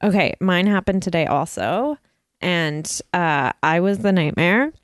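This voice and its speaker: A woman podcast host with a lowish voice tells a story at an unhurried pace in a casual chat. She's chatty and self-mocking and laughs often, recorded with studio quality and no echo.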